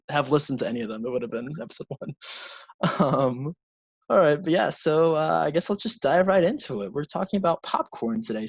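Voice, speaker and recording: Husky young man, casual podcast chat. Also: on the high side, no echo, rough recording. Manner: laughs often, animated and swearing. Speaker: podcast co-host.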